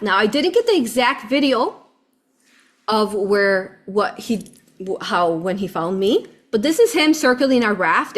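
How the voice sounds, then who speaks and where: A woman vlogger telling a travel story in an excited, chatty way, often laughing and calling her viewers "you all". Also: medium pitch. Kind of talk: animated storytelling vlog.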